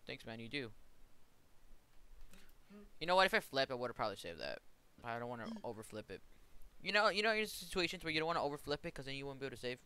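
An excitable young man talking over a game with his friend, his voice bright and crisp and swinging up and down in pitch. He swears freely and reacts loudly to every play. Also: fast, long pauses. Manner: excitable, swears a lot, bursts out laughing. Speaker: gamer streaming with a friend. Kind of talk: casual gaming chat.

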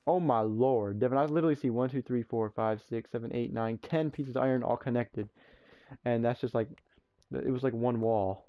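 A young man hosting a gameplay session, telling stories in animated slang and swearing freely. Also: mid-range voice, normal speed. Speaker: let's play host. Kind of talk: casual gameplay chat and storytelling. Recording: muffled lo-fi audio.

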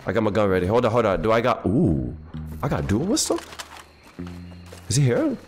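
A man streaming a video game live, talking in an animated, slangy, jokey way and swearing a lot. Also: on the high side, fairly quick, faint music behind. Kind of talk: live gaming commentary.

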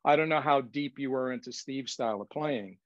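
A man's voice: mid-range voice, brisk, no echo. A man hosting a casual interview, reacting conversationally and asking questions. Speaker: host. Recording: dull, dry lo-fi audio.

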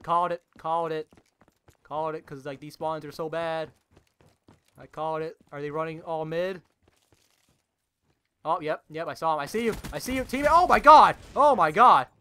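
A young man giving jumpy, excitable live commentary over his own gameplay, filling his talk with "like" and calling out to his teammates. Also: on the high side, clean tone. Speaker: gaming channel host.

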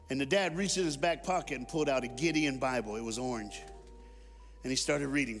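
A man guest-preaching at a church service, telling stories and calling on the congregation to respond, swinging from shouts to hushed tones. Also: medium pitch, fairly quick, faint music behind. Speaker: guest speaker. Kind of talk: sermon.

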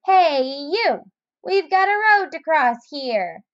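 A woman voicing a troop of rowdy, excitable ants in a storybook reading. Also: high-pitched, slow pace, dull audio, voice pushed up, exaggerated voice. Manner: shouty and excitable. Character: troop of rowdy ants, loud then polite.

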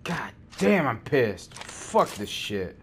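A man's voice: mid-range voice, sing-song, slow pace, a bit bright, slight background noise. A young man ranting furiously while gaming, swearing and snapping at teammates, sweaty and worked up. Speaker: gamer streaming gameplay. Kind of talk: angry gaming rant.

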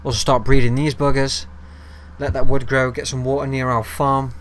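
Speaking at a moderate pace in a mid-range voice, with slight background noise, this young gaming host keeps up casual commentary as he plays. He addresses both viewers and on-screen creatures, swears liberally, and becomes loud and excited when ambushed.

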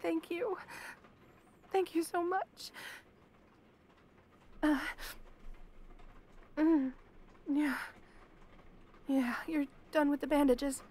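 A woman's voice: sits high, drawn-out words, pauses often, darkish tone. A woman playing a stammering frightened captive girl. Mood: nervous, placating. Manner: stammering, fearful, pleading. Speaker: captive speaker in audio drama. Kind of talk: audio role-play.

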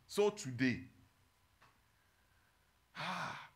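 A pastor teaching a Bible study, humorous and engaging with his congregation, moving between loud emphasis and quiet, earnest reflection. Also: medium pitch, unhurried. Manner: animated, humorous, draws the congregation in with call-and-response.

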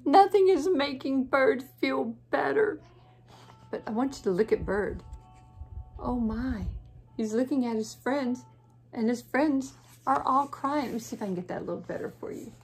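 A teacher reading a picture book aloud to children, gentle and soothing with whispery asides. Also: female voice, a little high, moderate pace, slightly rough.

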